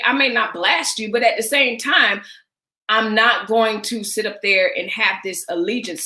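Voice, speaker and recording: A woman's voice: fairly high pitch, expressive, moderate pace, sharp tone, reverberant, poor audio. A woman hosting a casual livestream chat, candid and emphatic, speaking straight to her viewers with a sarcastic edge. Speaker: livestream host.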